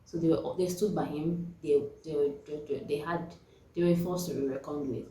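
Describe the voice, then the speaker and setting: A woman's voice: low voice, normal speed. A young woman, chatting casually and animatedly as she reviews a book on her vlog. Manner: chatty and animated, laughs often. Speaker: book vlogger. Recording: echoey room.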